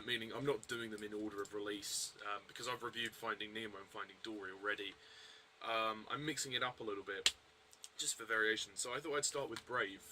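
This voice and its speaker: A man's voice: on the low side, background noise. A man giving a casual, rambling film review, full of hesitations and restarts.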